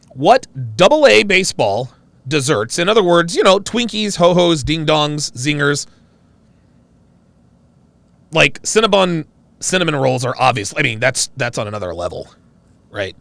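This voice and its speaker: A man hosting a casual live-stream chat, reacting excitedly with loud exclamations. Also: a little high, measured pace, gravelly, pauses often, dry recording.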